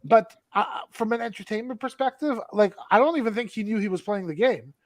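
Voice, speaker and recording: Male co-host, extremely high pitch, dry sound, stammering questions. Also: brisk, no room sound. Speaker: podcast co-host. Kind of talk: casual chat.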